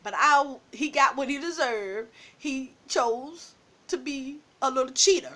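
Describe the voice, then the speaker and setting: A woman vlogger telling a personal story in a casual, animated way, laughing often and calling her listeners baby. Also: sits high, unhurried.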